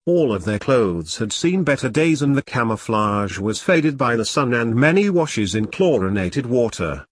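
A man reading a story aloud in a steady, measured narration. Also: mid-range voice, breathy edge, no room sound, studio quality. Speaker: audiobook narrator. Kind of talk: scripted narration.

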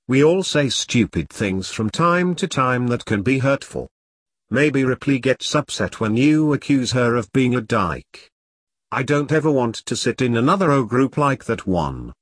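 A man's voice: medium pitch, sing-song, a little slow, breathy edge, dry recording, clean studio sound. A man voicing a senior male soldier firmly telling a comrade off. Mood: stern. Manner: firm, lecturing.

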